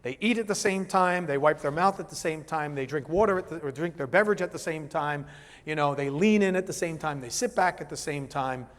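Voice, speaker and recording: Casting note: high-voiced male seminar speaker, lively and chatty, in a big reverberant hall. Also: a little fast. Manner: animated, asks the room questions, acts out voices. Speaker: business speaker. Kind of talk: live seminar talk to an audience.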